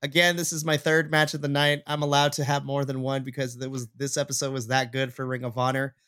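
A man's voice: mid-range voice, level tone, fairly quick, pushed and bright, clean tone, dry recording, clean studio sound. A man co-hosting a podcast in casual chat, playful and laughing often while breaking things down analytically. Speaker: podcast co-host.

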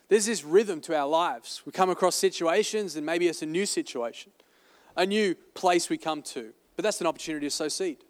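A man's voice: on the high side, fairly quick. Emphatic male pastor in reverberant church. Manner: emphatic, conversational preaching with asides. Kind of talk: sermon. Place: church auditorium. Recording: long reverb of a church hall.

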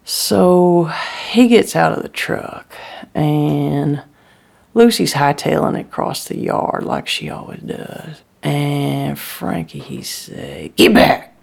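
A woman tells a first-person story in a drawling dialect. She often slips into breathy whispers. Her voice is gravelly and husky, and she keeps an unhurried pace. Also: low voice, a little mellow. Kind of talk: first-person dramatic monologue.

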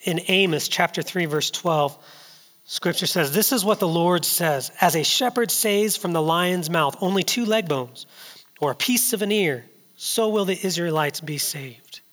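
A man in his thirties preaching a sermon, telling a story that builds from hushed to loud and urgent. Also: high voice, unhurried, big-room sound.

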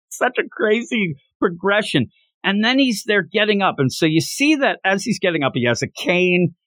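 A man hosting a podcast, recapping a manga chapter in an animated, enthusiastic way. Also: high-pitched, moderate pace, dry recording. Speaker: podcast host.

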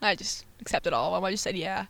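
A woman in her twenties, chatting as a podcast guest and telling her story in a lively, slangy way with frequent laughter. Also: on the low side, very fast, gravelly. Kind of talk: casual chat.

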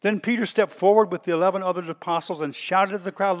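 A man with a high-pitched voice preaching a sermon. He reads scripture aloud, then comments on it and repeats his points for emphasis. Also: steady tone, quick pace, few pauses. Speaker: pastor.

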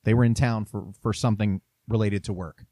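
A man's voice: fairly low pitch, steady tone, a little fast, dark tone, no room sound. A man casually chatting and telling a story as a podcast host, laughing often. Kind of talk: casual chat.

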